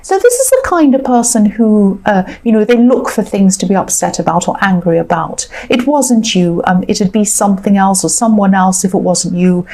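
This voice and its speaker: A woman talks through a tarot reading in a loose, chatty way, full of fillers and reassurance for her viewers. Her voice is mellow and warm, sitting at a middle pitch. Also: lively intonation, normal speed, hardly any pauses. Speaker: tarot reader. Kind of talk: casual tarot reading to camera.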